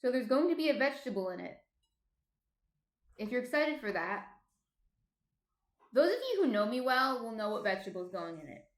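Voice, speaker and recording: A woman's voice: on the high side, big pitch swings, fairly quick, pauses often. Chatty New Jersey woman in a roomy room. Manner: chatty, laughs often, reads out chat messages. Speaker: stream host, baker. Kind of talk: casual live-stream chat. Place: home apartment. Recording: roomy echo.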